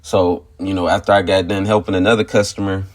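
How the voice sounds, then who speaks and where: A man's voice: low voice, flat delivery, quick pace. A man telling a personal story and turning it into informal spiritual teaching, rambling and full of "you know" fillers, stressing points with "okay" and "all right". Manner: emphatic, repeats "okay" and "all right" to drive points home. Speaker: religious teacher sharing a testimony.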